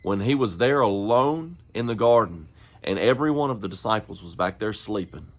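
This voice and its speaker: Deep-voiced man preaching a personal story. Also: lively intonation, moderate pace. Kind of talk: storytelling sermon.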